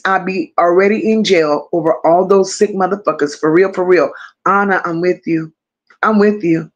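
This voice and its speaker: A woman hosting a casual livestream, affectionately greeting viewers one by one and reading their comments aloud. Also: medium pitch. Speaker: livestream host.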